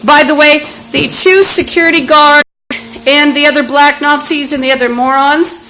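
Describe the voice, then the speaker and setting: A woman's voice: sits high, fairly even intonation, normal speed, sharp tone, rough recording. A woman talking into a phone on a live stream at home, in an agitated, rambling monologue full of restarts. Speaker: livestreamer. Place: apartment indoors. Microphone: phone camera app. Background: fan and running water.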